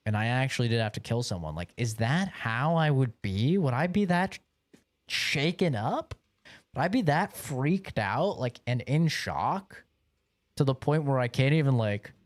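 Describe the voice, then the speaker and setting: A young male streamer with a medium-pitched voice tells a long, rambling story on a livestream, recorded with no room sound. He swears often and fills pauses with "like" and "bro."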